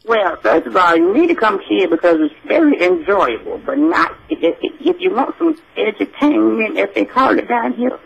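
A man's voice: high-pitched, sing-song, moderate pace, creaky, few pauses, a bit bright, slightly rough, muffled recording, heavily acted. A man playing a churchy elderly grandmother who calls everyone sugar and keeps calling on the Lord. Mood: preachy. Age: older. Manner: effusive, preachy, exclaims Lord and Jesus. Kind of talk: comic call-in character bit.

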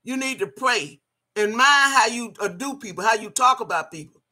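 A woman's voice: a little high, expressive, normal speed, bright, forceful tone. An older woman ranting on camera in heated, scolding commentary, cursing freely and repeating her phrases for emphasis. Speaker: video blogger.

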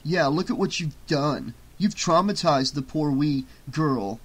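A man's voice: a little high, expressive, measured pace, breathy edge. A man doing a smug, taunting young man.

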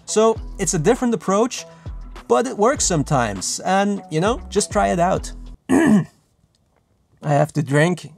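A man giving casual, lively filmmaking tips to camera, chatty and self-mocking. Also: high voice. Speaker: filmmaking vlogger. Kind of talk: casual tutorial talk to camera.

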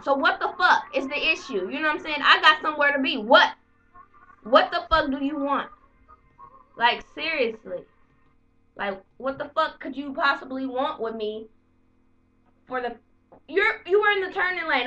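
A high-voiced woman vents to camera in a casual vlog, swearing and animated as she tells her story. Her voice is bright and sharp. The home recording sounds dull and lo-fi. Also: moderate pace, far from the mic. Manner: profane, heated, animated storytelling. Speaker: vlogger.

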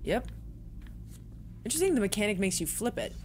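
A woman's voice: medium pitch, very animated, a little fast, darkish tone, a little hiss or hum. A young woman streaming a horror game, chatting bluntly and reacting as she plays. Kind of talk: let's play commentary.

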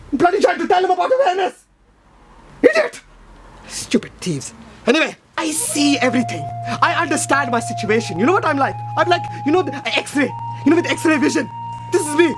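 A man doing a loud boastful boss. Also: extremely high pitch, lively intonation, brisk. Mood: bragging. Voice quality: shouty, swaggering and scolding. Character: loud boastful male shop boss, bossy and vain. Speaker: comedy sketch character. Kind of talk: comedy sketch acting. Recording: music playing behind the voice.

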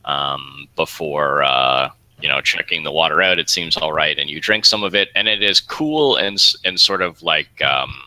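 A man narrating a tabletop game as game master, halting with fillers. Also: extremely low pitch, pushed and bright, rough recording. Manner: hesitant, many fillers.

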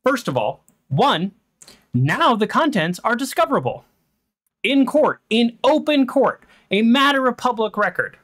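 A game streamer giving heated, animated commentary during a playthrough, ranting and arguing points out loud. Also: mid-range voice, measured pace. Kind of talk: let's play commentary.

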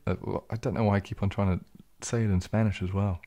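A man hosting a relaxed, jokey live stream, reading out and answering viewer comments, a little tipsy from champagne and sometimes dropping into a whisper. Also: on the low side, fast. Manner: laid-back and jokey, drifting into soft whispers. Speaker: ASMR channel host.

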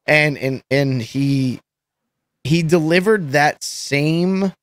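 A man's voice: a little high, drawn-out words, no room sound. A man telling stories as a podcast guest, rambling and swearing with many restarts. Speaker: guest musician. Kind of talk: casual storytelling chat.

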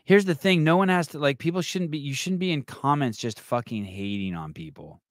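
A man's voice: fairly high pitch, animated, a little fast, no room sound, clean studio sound. A man hosting a podcast in casual chat, rambling and swearing often, with many restarts. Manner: rambling and profane, with frequent restarts. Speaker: podcast host.

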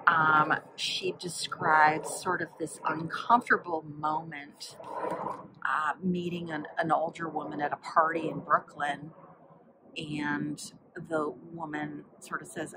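Woman, low voice, slow unhurried talk, casual book chat, rambling with fillers, faint background hum. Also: level tone. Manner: rambling, many fillers, flips through the book while talking. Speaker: book vlogger.

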